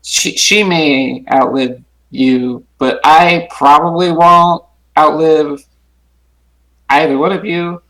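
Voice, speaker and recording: A man's voice: on the high side, steady tone, slow, a bit bright, poor audio. A man playing a tabletop game in character, stammering and playful. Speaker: player.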